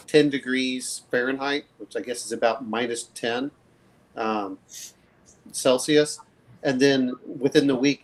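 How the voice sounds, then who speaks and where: A man's voice: mid-range voice, low-quality recording. A man from the southern US hosting a casual group chat, rambling, restarting his sentences and laughing often. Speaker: livestream host.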